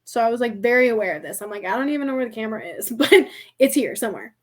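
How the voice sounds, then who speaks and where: A young American woman with a high voice tells a story on a podcast. She is chatty and casual and fills her speech with "like". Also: animated, rapid-fire. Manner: chatty, heavy use of "like", laughs often. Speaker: podcast guest.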